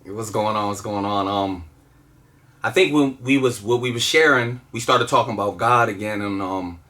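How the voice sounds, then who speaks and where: A man's voice: lowish voice, normal speed, sharp tone. A man telling a personal story in casual, earnest conversation, with lots of fillers and restarts. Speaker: guest telling his story.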